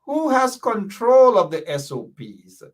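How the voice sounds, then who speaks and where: A fiery Guyanese man delivers a political commentary monologue in a high voice that swoops up and down. He speaks indignantly as host and repeats his points with pointed rhetorical questions. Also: sing-song, unhurried.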